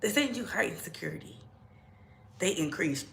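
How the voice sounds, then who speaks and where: A woman's voice: fairly low pitch, sing-song, normal speed, vocal fry, fairly bright tone, slight background noise. Chatty woman gossiping in an echoey room. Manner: chatty, repeats herself, drops into whispers. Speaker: gossip show host. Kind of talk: casual celebrity gossip commentary.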